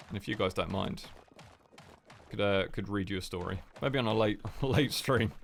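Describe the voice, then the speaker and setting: A young man talking to his stream in a soft, drowsy murmur. His low voice has a gravelly fry, and he wanders from thought to thought with fillers. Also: a little hiss or hum. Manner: soft, sleepy-sounding chatter; rambling, lots of fillers. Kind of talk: casual livestream chat.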